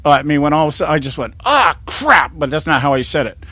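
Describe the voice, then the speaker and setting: A man's voice: a little high, steady tone, racing, a bit bright, no echo. A man in his sixties from California, hosting a talk show in a rambling, indignant monologue with many restarts. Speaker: host.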